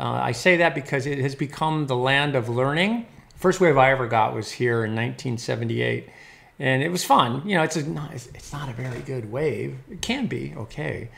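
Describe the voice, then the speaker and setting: Older man, gravelly voice, rambling weather host, casual chatty tone. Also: medium pitch.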